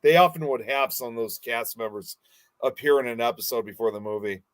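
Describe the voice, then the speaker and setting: A man's voice: mid-range voice, brisk, dry recording. A man hosting a podcast, chatting casually and rambling with self-corrections. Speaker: podcast host.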